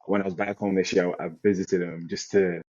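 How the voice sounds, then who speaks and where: A young man from Nigeria, a football player, telling his story in a relaxed interview chat with many restarts. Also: low voice, a little fast, no room sound. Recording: dull lo-fi sound.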